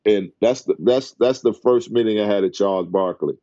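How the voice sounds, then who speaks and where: Middle-aged new guy telling wild stories, low and dark, dry dull sound. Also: moderate pace, no echo. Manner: excited storyteller who acts out quotes in a high voice. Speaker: guest, former basketball player. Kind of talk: animated storytelling in a podcast interview.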